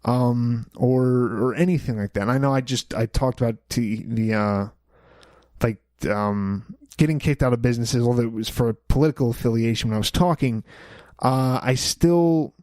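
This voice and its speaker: A man's voice: medium pitch, normal speed, darkish tone, no echo, studio quality. A young man hosting a solo podcast, rambling through his opinions with many fillers and restarts. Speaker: podcast host. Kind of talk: casual solo podcast monologue.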